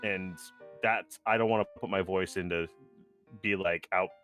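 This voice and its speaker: A man co-hosting a podcast who talks in an animated, casual way, laughs often and swears freely. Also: low voice, moderate pace, phone-quality sound, soft background music. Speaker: podcast co-host. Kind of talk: casual chat.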